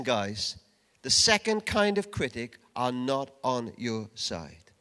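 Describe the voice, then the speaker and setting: Lively high-voiced older man preaching. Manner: emphatic, swings from loud urging to hushed low asides. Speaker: conference speaker. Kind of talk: sermon. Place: large event hall. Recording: long reverb of a large hall.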